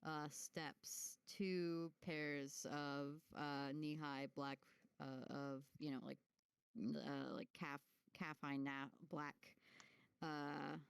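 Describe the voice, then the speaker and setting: A woman describing a scene at a tabletop role-playing game. She talks low and slowly, with a smooth voice. She stumbles over fillers and restarts and laughs easily. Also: level tone, dry recording. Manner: hesitant, many fillers and restarts, laughs often. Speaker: player. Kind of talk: tabletop role-play chat.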